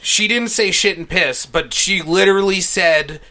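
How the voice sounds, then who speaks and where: A man's voice: high-pitched, unhurried, pushed and bright. A man chatting casually, profane and rambling, cracking crude jokes.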